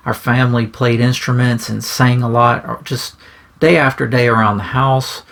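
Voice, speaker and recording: Casual songwriter man, gravelly voice, mid pitch, rambling and restarting, keeps asking "right?". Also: fairly even intonation, moderate pace, fairly bright tone. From grew up singing bluegrass in churches. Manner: rambling, says "right?" often, restarts phrases. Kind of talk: casual explanatory talk to camera.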